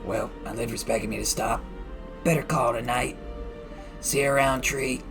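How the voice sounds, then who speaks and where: A man voicing a weary, gloomy young male drinker in a gravelly, low and tired voice. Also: steady tone, normal speed, fairly bright tone, soft background music. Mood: gruff.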